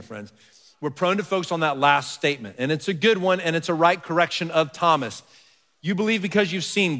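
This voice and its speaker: Earnest preacher in a reverberant hall. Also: male voice, a little high. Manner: earnest preaching, drops soft for scripture, rises with emphasis. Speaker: pastor. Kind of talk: sermon.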